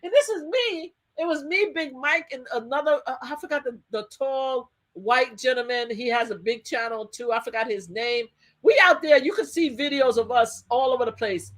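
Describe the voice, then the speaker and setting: A woman guest, a survivor advocate, tells a story in an animated interview. She laughs often and acts out what people said. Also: high-pitched, moderate pace.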